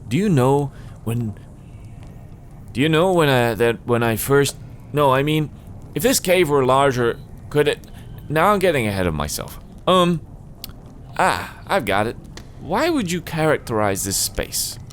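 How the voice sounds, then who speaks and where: A man reading game dialogue as a rambling, flustered cave writer who talks in high, excited bursts and keeps restarting his sentences. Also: moderate pace, slight background noise, natural voice. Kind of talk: voice acting a game's dialogue.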